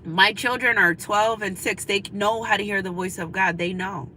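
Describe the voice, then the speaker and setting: A woman's voice: mid-range voice, normal speed, bright, forceful tone, a little hiss or hum, rough recording. A woman in her thirties, a spiritual reader, giving a casual, preachy pep talk to her viewers and repeating her points for emphasis.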